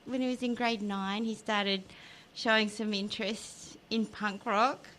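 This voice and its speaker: A woman co-hosting a podcast, chatty and quick to laugh. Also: mid-range voice, steady tone, a bit bright. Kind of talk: casual chat.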